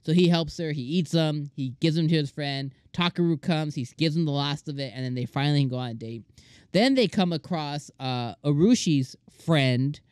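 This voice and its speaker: An eager channel host reviews an anime episode in loose, rambling chat, full of restarts and fillers. They act out the characters' lines in quick little voices along the way. The recording is close and dry, with no room sound. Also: mid-range voice, a little mellow, clear, resonant tone, no room sound.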